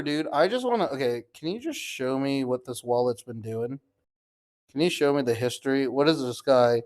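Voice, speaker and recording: A young crypto streamer clicks through wallets during a live screen-share, talking casually, sounding incredulous, swearing and calling viewers "guys." His mid-range voice is animated and a little mellow, at a normal speed.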